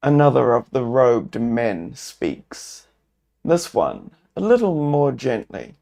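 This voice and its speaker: A man's voice: mid-range voice, big pitch swings, slow pace, creaky, darkish tone. A man narrating a solo tabletop adventure, musing and thinking aloud with many fillers.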